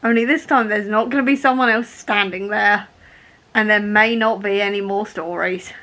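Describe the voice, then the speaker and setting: Bright-voiced emotional woman book vlogger. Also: mid-range voice, fairly even intonation, normal speed. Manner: emotional, laughing through tears. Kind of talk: casual reading vlog.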